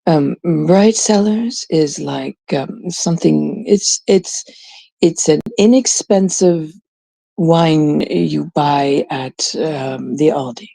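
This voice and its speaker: A woman's voice: low-pitched, slow pace, creaky, mellow, no room sound. A woman from Canada chatting in a blunt, profane, rambling way, full of fillers, telling a story as a vlogger. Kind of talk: casual storytelling rant.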